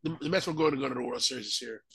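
Fast bright-voiced man teasing. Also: mid-range voice, gravelly, slightly rough. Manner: quick teasing jabs. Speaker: sports podcast co-host. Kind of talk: casual sports debate.

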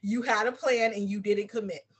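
A woman with a husky, slightly breathy voice shares her faith in casual, heartfelt podcast talk. She tells personal stories with emotion and animated earnestness. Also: mid-range voice, normal speed.

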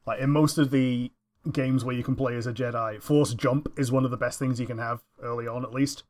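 A man chatting casually while watching a film, laughing often and chiming in with quick agreement. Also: mid-range voice, steady tone, darkish tone. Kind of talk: casual chat reacting to a film.

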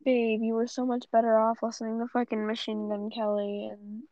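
A woman's voice: on the high side, monotone, fairly quick, warm tone, dry recording. A young woman ranting casually on her vlog, blunt and profane with lots of rambling asides. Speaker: vlogger. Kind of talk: casual rant. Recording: dull lo-fi dry audio.

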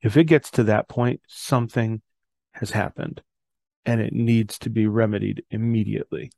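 A man's voice: on the low side, steady tone, normal speed, vocal fry, a little mellow, dry recording. A middle-aged man hosting a podcast, talking earnestly about fatherhood and faith and reading scripture aloud. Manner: earnest, reads scripture aloud, self-correcting. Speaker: podcast host. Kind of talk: reflective faith talk.

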